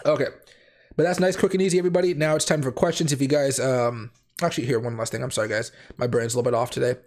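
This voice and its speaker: Male livestream host, hoarse with a cold, rapid and rambling, self-correcting. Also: medium pitch, steady tone, darkish tone. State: raspy voice from a cold. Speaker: crypto trading livestream host. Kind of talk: casual livestream chat.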